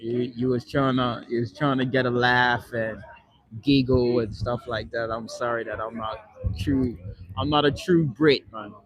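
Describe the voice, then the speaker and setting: A man's voice: mid-range voice, fairly even intonation, a little slow, dry recording, poor audio. A man on a live stream, reading and answering chat in a rambling, casual way, swearing often and ending most lines with "man". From not born in Britain. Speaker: livestreamer. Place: London.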